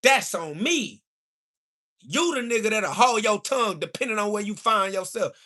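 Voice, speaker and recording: A man, ranting loudly and profanely at his livestream chat, mocking and trash talking into a phone. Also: high-pitched, expressive, moderate pace. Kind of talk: angry livestream rant.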